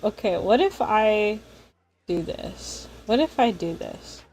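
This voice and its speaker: A woman's voice: mid-range voice, takes it slowly, a little mellow, a little hiss or hum, low-quality recording. A woman streaming a story game, chatting casually and reading its text aloud in a rambling, giggly way.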